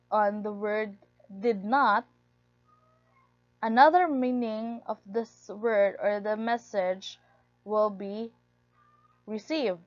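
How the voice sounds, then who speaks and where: A woman's voice: medium pitch, no room sound. A woman giving a recorded lecture, reading steadily from her notes and stressing key words. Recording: dull lo-fi recording, dry.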